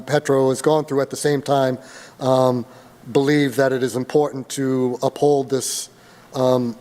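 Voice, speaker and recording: A man chairing a city health board meeting, halting and hedging as he speaks. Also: mid-range voice, a little mellow, long reverb tail. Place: city council chamber.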